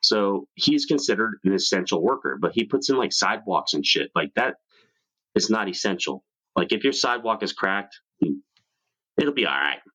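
A man's voice: fairly low pitch, big pitch swings, normal speed, pushed and bright. A man from New York hosting a casual chat show, swearing freely and laughing often. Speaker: podcast host.

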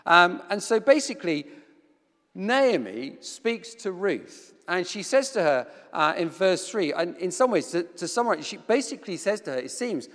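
A middle-aged man preaches a sermon in a church hall. He weaves personal anecdotes in with wry self-deprecating humor. His slightly higher-than-average voice rings out with a long reverb tail. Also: big pitch swings, normal speed, a bit bright.

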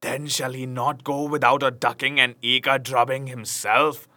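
A man's voice: medium pitch, steady tone, normal speed, sharp tone, no room sound, lightly acted. A man voicing an eager male outlaw follower who calls out as if from a distance. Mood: excited.

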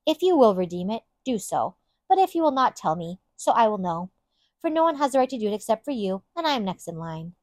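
A woman reading a brisk, clever man cutting a deal. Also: mid-range voice, sing-song, darkish tone, no room sound, close to an everyday voice. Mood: firm. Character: steady, clever middle-aged man dealing with elders.

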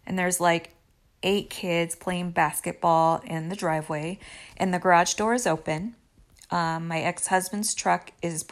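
A woman vlogger telling a personal story to her viewers in a confiding way, with apologetic asides. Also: on the low side. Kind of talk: storytime monologue.

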